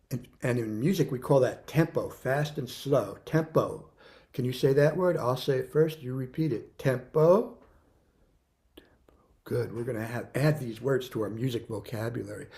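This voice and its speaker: Guy teaching little kids music, slow and mellow, counts loud then goes soft, repeats stuff patiently. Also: mid-range voice. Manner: counts beats loudly, drops to soft prompts; patient, repeats words for young children. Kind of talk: classroom music lesson.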